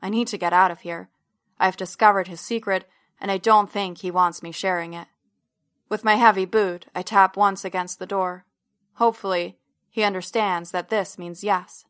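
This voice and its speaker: A woman reads a first-person story aloud in a measured, steady way. Her voice is bright, and her pitch stays level with little movement. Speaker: audiobook narrator. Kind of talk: first-person fiction narration.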